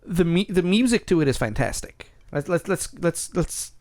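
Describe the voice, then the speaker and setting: This British podcast co-host has a high voice and a moderate pace as he chats casually about ranking songs. He argues his picks in an opinionated, animated way, restarting his sentences often.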